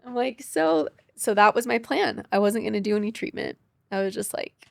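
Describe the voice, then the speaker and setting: Speaking in a gravelly, mid-range voice with no room sound around it, a young woman on a podcast recounts her experience with cancer. Her retelling is fast and tearful, and she voices the dialogue of the people involved.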